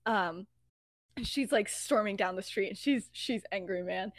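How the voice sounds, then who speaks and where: A woman's voice: medium pitch, sing-song, measured pace, a bit bright, dry recording, studio quality. A woman co-hosting a podcast, retelling a story casually, giggly and full of fillers. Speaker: podcast co-host.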